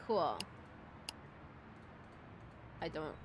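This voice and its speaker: This woman streamer has a low voice and talks very slowly but with a lot of animation. She gives casual, chatty gameplay commentary as she plays, swearing while thinking aloud, with loud game music playing under her voice.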